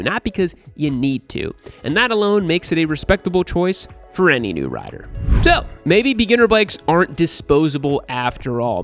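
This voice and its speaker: A young man hosting a motorcycle channel, reading a scripted review with wry, sarcastic humor over faint background music. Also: a little high.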